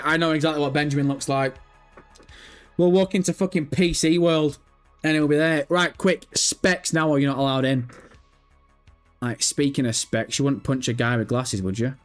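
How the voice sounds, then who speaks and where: Sweary, jokey man streaming. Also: on the high side. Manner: sweary, jokey, animated and mocking. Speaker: gaming livestream host. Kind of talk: casual livestream chat reading viewer comments.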